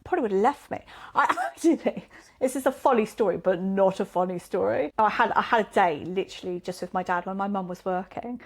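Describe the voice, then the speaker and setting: A woman, telling parenting stories in a candid, animated conversation. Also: medium pitch, fast, few pauses. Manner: animated storyteller, acts out quoted voices. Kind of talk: candid casual chat.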